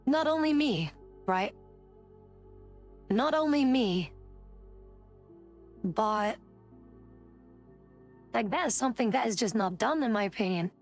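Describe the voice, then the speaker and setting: A woman's voice: a little high, expressive, slow, long pauses, soft background music. A woman streamer chatting casually, indignant and rambling, swearing often. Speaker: VTuber streamer.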